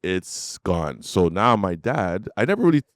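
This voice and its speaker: Middle-aged guy on a podcast spinning a story, acts out voices, pitch all over, dry sound. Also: very animated, a little slow, no room sound. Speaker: podcast host. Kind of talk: casual storytelling chat.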